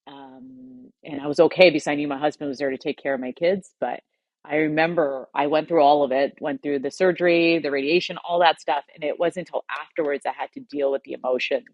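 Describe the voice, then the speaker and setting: A woman guest on a podcast, telling a personal story in a heartfelt way, pausing and choking up at times. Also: deep voice, fairly even intonation, a little mellow, no room sound, lo-fi sound. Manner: heartfelt, pauses and chokes up while recounting.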